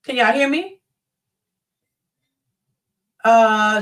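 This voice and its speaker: A woman hosting a casual live stream, reading viewer comments aloud and giving blunt, animated opinions, often mimicking other people in quick put-on voices. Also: on the high side, far from the mic, rough recording.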